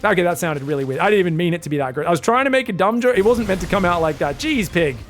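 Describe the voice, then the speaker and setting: A man casting a live game match, excitable and jokey, with rambling asides. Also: high-pitched, very fast, faint music behind. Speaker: esports caster.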